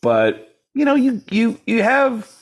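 Man, comedian guest, husky mid-pitch voice, lively storyteller who acts out voices. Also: slow pace. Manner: acts out voices in quoted dialogue, jumping high and low. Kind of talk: animated storytelling with impressions.

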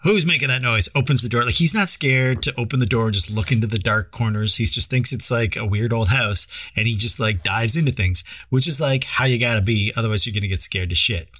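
A man's voice: medium pitch, fairly quick, few pauses, a bit bright, no room sound. A man from Ontario, Canada, co-hosting a podcast, telling stories in casual chat, laughing often and swearing freely. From Lanark County, Ontario, Canada. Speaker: podcast co-host.

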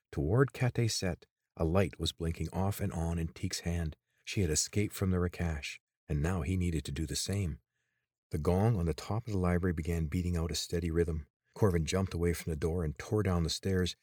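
A man reading an adventure story aloud in a steady, measured narration. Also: deep voice, no echo, studio quality. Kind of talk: scripted audiobook narration.

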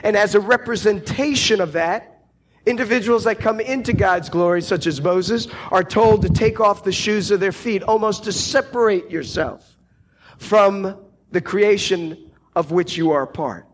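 A man preaching a sermon, slow and deliberate, lifting his voice on quoted cries. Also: sits high, a little hiss or hum.

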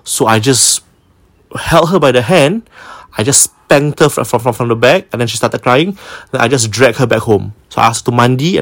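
Singaporean man, casual storyteller host, mid-pitched, dry close sound, drops in Malay words. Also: no echo. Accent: Singaporean English. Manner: casual, mixes in Malay words, acts out quotes. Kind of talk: retelling a listener's ghost story.

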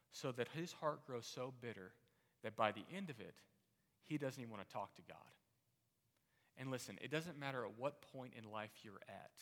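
A man's voice: medium pitch, fairly bright tone. A man preaching a sermon as pastor, talking conversationally with frequent restarts. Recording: long hall reverb.

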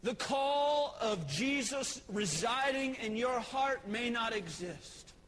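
Pastor, male, very high bright voice, fiery sermon delivery, long church reverb. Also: animated, slow, slight background noise. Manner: impassioned preaching, swells to shouts. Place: church sanctuary. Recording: echoey church hall.

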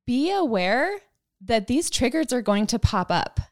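A woman's voice: fairly high pitch, big pitch swings, unhurried, no room sound, studio quality. A woman wellness coach, a guest on a podcast, explaining tips in a friendly, easygoing way. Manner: friendly, explanatory, laughs easily. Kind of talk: casual wellness podcast chat.

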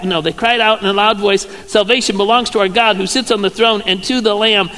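A man, a pastor giving a sermon in a playful, joking storytelling way with sudden loud exclamations. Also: high voice, fairly even intonation, fairly quick, a little hiss or hum. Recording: church hall reverb.

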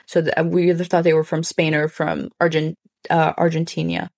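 Woman podcast co-host, lowish voice, rambling storyteller, deadpan self-mockery, dry close sound. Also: brisk, no room sound. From Chicago. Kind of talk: casual chat.

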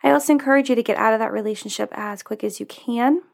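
A woman's voice: a little high, fast, creaky, darkish tone. A woman vlogger giving earnest, casual advice to her viewers, with lots of ums and you-knows. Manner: earnest, with many fillers like "um" and "you know". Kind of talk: casual advice talk to camera.

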